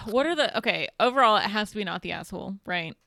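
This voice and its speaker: A woman's voice: mid-range voice, lively intonation, a little fast, creaky, pushed and bright, no echo, clean studio sound. A young woman co-hosting a podcast, chatting casually and laughing often. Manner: laughing, joking. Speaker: podcast co-host. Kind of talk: casual chat.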